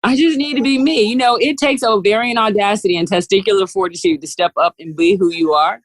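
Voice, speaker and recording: A woman, a business CEO, telling animated stories as a podcast guest, laughing often and acting out what others said. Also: medium pitch, fairly quick, no echo, low-quality recording. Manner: lively, laughs often, acts out quotes. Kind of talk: animated storytelling interview.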